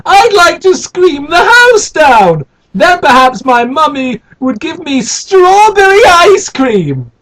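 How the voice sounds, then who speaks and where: A man voicing a spoiled little girl who screams for ice cream, in a shrill high voice. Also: sing-song, very slow, hardly any pauses, slightly rough, heavily acted, rough recording. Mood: shrieking. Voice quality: shrieking, very high.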